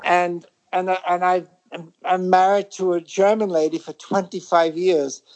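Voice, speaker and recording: A middle-aged man from Britain, a guest musician in a casual interview, talking in a reflective, rambling way with many halting restarts. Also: high voice, level tone, darkish tone, rough recording.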